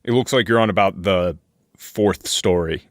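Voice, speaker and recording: A man running a tabletop game as game master, setting scenes in slow, deliberate description. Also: low-pitched, no room sound, clean studio sound.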